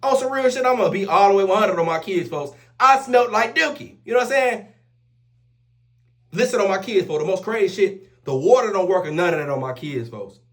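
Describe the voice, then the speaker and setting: A young man telling a rough story in casual street slang, animated and profane, repeating oaths after every line. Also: high-pitched, brisk. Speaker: storyteller vlogger.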